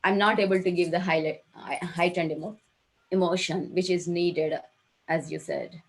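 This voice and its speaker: A woman with a fairly low voice speaks over a video call. She shares a personal experience haltingly, with frequent fillers and restarts, and emotion comes through in her voice. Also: fairly even intonation. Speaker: program participant.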